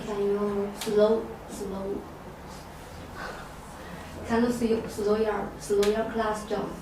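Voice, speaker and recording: Woman trainee, halting flat question, slow, far from the mic in an echoey room with clear noise. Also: mid-range voice. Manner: halting, repeats words. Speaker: trainee teaching assistant. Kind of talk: question from the audience.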